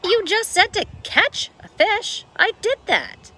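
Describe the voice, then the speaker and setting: Woman reading as a naive storybook housekeeper, high and chirpy. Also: very animated, takes it slowly, pushed and bright, a little hiss or hum, heavily acted. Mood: cheerful. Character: literal-minded cheerful housekeeper woman.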